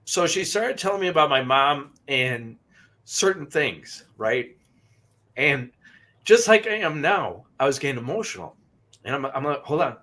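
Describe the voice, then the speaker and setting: A man hosting a podcast tells a personal story, restarting his sentences and getting emotional. His voice is bright and sits a little high for a man. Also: very animated. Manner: emotional, halting, repeats words. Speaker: podcast co-host. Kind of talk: casual storytelling.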